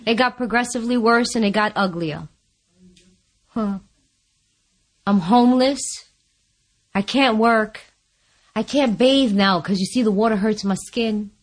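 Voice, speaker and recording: A woman's voice: fairly high pitch, a little slow, pauses often. A woman sharing her recovery story before an audience, candid and wry, often laughing at herself. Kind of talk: personal testimony before an audience.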